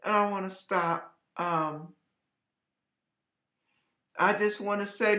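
Slow, hoarse woman preaching emphatically. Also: medium pitch, a bit bright. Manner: emphatic, repeating exhortations. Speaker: online ministry preacher. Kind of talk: encouraging devotional message. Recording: echoey room.

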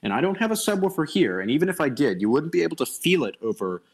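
A man's voice: on the high side, very animated, fast talker, breathy edge. A young man giving a casual online lecture over a voice call, thinking aloud with frequent restarts and fillers and blunt opinionated asides. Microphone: computer mic on a voice call.

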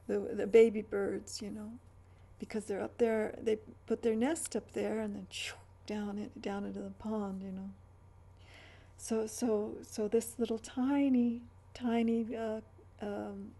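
A woman's voice: medium pitch, creaky, dark tone. A middle-aged woman vlogging in a rambling, chatty way, with stammered restarts and trailing asides. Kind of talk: rambling casual chat.

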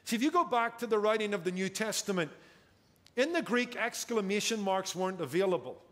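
A man's voice: sits high, animated, fairly quick, a bit bright. A man preaching a sermon as pastor, emphatic and drawing out key words for effect, recorded in a church sanctuary. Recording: church hall with long reverb.

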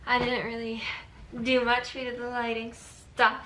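Teen girl rambling to her camera, high voice, lots of like and giggly asides. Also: completely flat delivery, a little slow, noisy background. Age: teens. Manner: rambling, fillers of "like", frequent giggles. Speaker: vlogger. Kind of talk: casual daily vlog. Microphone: handheld camera held up close.

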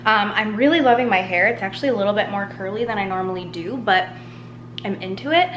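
A woman's voice: medium pitch, fast talker, a bit bright, dull audio, slight background noise. A young adult woman vlogging at home in a chatty, upbeat way, full of likes and ums. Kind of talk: casual vlog chat to camera. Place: at home, indoors.

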